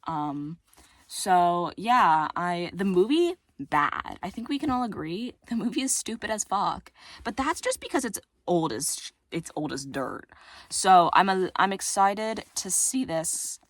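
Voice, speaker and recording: A woman's voice: on the low side, expressive, a little slow, dry recording. A teenage girl chatting casually to her viewers about books, rambling and self-deprecating, full of fillers, with a voice that cracks. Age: teens. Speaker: book vlogger. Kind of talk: casual chat to camera.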